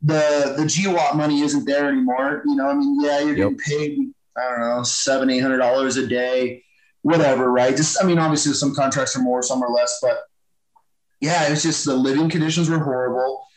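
A man's voice: medium pitch, fairly even intonation, a little fast, echoey room, poor audio. A man who is a former Marine, telling war stories as a podcast guest in a blunt, profane, casual way and acting out the banter he quotes. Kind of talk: casual storytelling interview.

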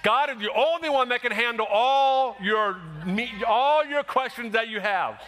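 A man preaching a sermon, animated and emphatic, acting out quoted voices and rising to shouts. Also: very high-pitched, measured pace. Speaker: pastor.

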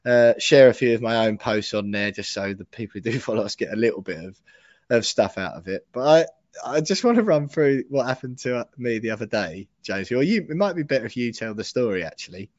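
A man with a mid-range voice chats excitably on a podcast, chummy and quick to react. The recording is dry and close, slightly dull. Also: medium pitch, dry recording. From England. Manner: excitable, chatty, says mate a lot. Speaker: podcast co-host. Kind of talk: casual chat.

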